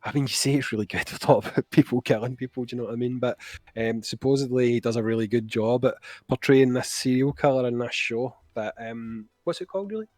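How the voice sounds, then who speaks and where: A Scottish man chatting as a podcast guest over a call, talkative and quick to laugh. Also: mid-range voice, a little mellow, no room sound. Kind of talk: casual chat.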